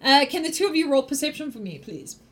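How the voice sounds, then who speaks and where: High-voiced woman running a tabletop game. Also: sing-song, fast, a bit bright. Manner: giggly, loose, rambling narration. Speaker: game master.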